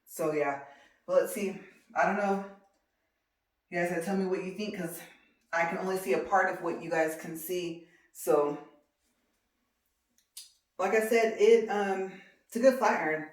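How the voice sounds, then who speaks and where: A woman's voice: fairly low pitch, unhurried, long pauses. A woman chatting in a rambling, casual way about hair care for her vlog, with lots of fillers. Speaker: beauty vlogger. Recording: roomy echo.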